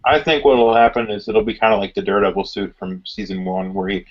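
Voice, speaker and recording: A man in a casual fan discussion, talking quickly and filling his speech with "like". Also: lowish voice, steady tone. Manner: rapid, lots of "like" fillers. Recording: dull lo-fi audio.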